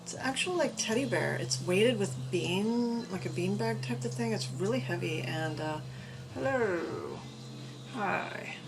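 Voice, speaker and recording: A woman's voice: mid-range voice, animated, normal speed, creaky, few pauses, noisy background. A woman showing off her puppet collection at home in a casual, upbeat show-and-tell chat, rambling along with fillers. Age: adult parent. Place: home room full of collectibles.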